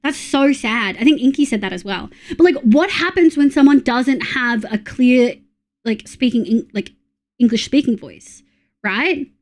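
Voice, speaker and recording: A woman's voice: a little high, expressive, measured pace, a little mellow. An Australian woman in her thirties chatting casually on a live stream, blunt and sweary, reacting to chat.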